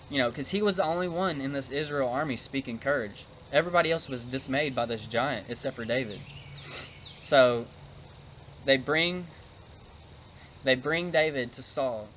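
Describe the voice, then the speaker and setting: A man's voice: medium pitch, fairly bright tone, slight background noise. A man retelling a Bible story in a casual, conversational way, with frequent fillers, and at one point showing a prop while he talks. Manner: demonstrates a prop while talking.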